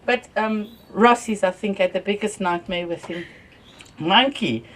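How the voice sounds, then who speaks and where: An older woman with a South African accent, telling lively stories at a wake and laughing often through them. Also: mid-range voice, a little slow. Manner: lively storyteller, laughs through tales, softens when thanking people. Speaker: family member speaking at a wake. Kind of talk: anecdotal eulogy storytelling. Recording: voice from far off the mic.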